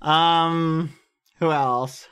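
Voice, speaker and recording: A man's voice: on the high side, steady tone, extremely slow, a bit bright, smooth. A man streaming live, chatting casually in a rambling, jokey way.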